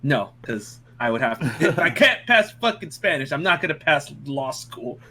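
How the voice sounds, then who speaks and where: A young man spins a funny tale among friends, his voice lively and leaping up and down in pitch. The tone is bright and forward. He laughs often and swears as he talks. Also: moderate pace. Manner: animated, laughing, swears freely. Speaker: podcast co-host. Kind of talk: casual storytelling among friends.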